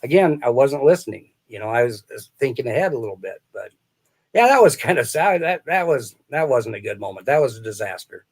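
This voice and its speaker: Male interview guest, rambling storyteller, laughs often, mid pitch. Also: sing-song, fairly quick, slightly rough. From small-town American Midwest. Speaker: guest, sales author. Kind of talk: casual interview chat.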